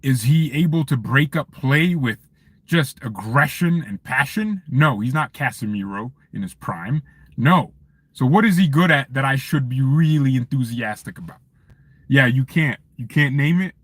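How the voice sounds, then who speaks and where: A man hosting a fan channel live stream from his parked car, chatting casually with viewers in an animated, joking, ranting way. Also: medium pitch, normal speed, no room sound.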